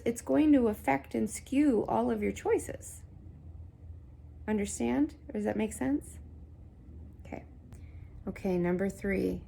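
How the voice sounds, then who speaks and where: Woman spiritual coach, gravelly, mid-pitched; earnest, reassuring, repeats for emphasis. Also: a little mellow. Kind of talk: casual talk to camera.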